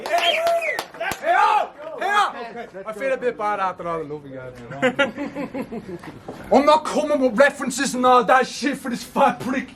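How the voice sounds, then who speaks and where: A cocky man with a Dublin accent fires off battle-rap bars, pitching his voice very high and shouting the punchlines. He performs outdoors, with loud noise running constantly behind him. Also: lively intonation, normal speed, long pauses. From Ireland. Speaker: battle rapper. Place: outdoor event. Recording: noisy outdoor event.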